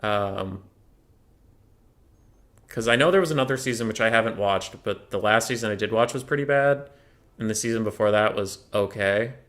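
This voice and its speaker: A man's voice: lowish voice, normal speed, pauses often, a bit bright. Chatty young man casting a game. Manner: chatty, joking, thinks aloud. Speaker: tournament caster. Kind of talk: casual game commentary.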